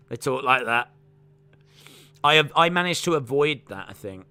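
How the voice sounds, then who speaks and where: A live-stream host runs a fight watch-along, chatting with viewers, reading their comments aloud and calling the action play-by-play. His mid-range voice is animated, clear and resonant with a sharp edge, moving at a moderate pace broken by long pauses.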